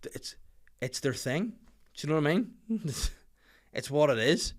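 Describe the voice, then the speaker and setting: A young adult Northern Irish man hosting his own podcast, chatting casually with swearing and animated, rising rants. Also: measured pace. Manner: swearing, animated rants that swing loud and high. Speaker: podcast host and comedian. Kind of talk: casual solo podcast chat.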